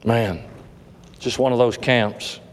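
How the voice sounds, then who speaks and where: A male preacher delivering a dramatic sermon in a mid-pitched voice, his lines ringing out with a long reverb as in a large hall. He moves between bold, raised declarations and quiet, slowed-down moments. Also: steady tone. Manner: dramatic, swings between loud emphasis and hushed slow passages. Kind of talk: sermon storytelling.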